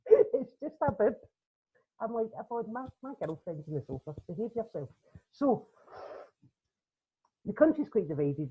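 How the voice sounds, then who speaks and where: A Glaswegian woman does stand-up in a chatty, punchy way and keeps checking in with "right?". Her voice is husky and the sound is thin and phone-like. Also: low-pitched. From Scotland. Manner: punchy, conversational storytelling with tag questions. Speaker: comedian guest. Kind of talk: stand-up routine. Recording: tinny phone-like line.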